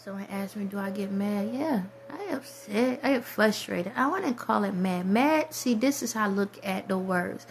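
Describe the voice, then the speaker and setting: Soft-spoken reflective woman vlogger. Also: mid-range voice, lively intonation, normal speed, hardly any pauses, a crowd in the background. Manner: reflective, rambling, soft-spoken, trails off into whispers. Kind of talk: casual spiritual monologue.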